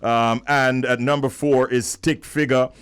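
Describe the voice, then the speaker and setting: A man co-hosting morning radio, reading an entertainment update in a measured, deliberate way. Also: medium pitch, fairly even intonation, clean tone.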